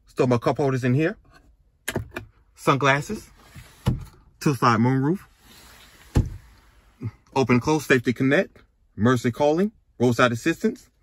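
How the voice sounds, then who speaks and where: A man reviewing a pickup truck at a dealership, calling out its features in short, casual phrases. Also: medium pitch. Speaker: car reviewer. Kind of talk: casual car walkaround commentary. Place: car dealership lot and inside a truck.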